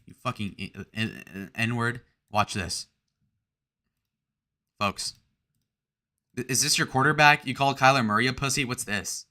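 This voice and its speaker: This is a young man hosting a casual livestream, talking off the cuff to his chat. His voice is bright and edged, and he rambles crudely, tossing out jokes and jabs as he reads their comments aloud. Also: mid-range voice. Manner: crude, joking, rambling while reading out chat. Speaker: livestream host.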